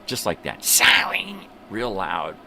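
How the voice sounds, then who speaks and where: A man's voice: deep voice, lively intonation, moderate pace, fairly bright tone, slight background noise. An older man hosting a morning livestream from home, ranting heatedly with lots of swearing and mocking impressions of other people. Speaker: host. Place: home room with a fan running.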